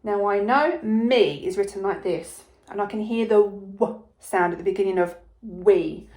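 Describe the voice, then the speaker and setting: A woman teaching a phonics lesson to young children, sounding out letters slowly and clearly with plenty of encouragement, in an English accent. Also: medium pitch, darkish tone. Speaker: primary school teacher.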